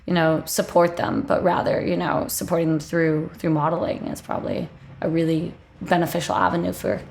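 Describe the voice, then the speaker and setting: Gravelly-voiced woman host, affirming. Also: deep voice, a little fast, a little mellow, a little hiss or hum. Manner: affirming and thoughtful, many fillers. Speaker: podcast host. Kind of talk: interview conversation.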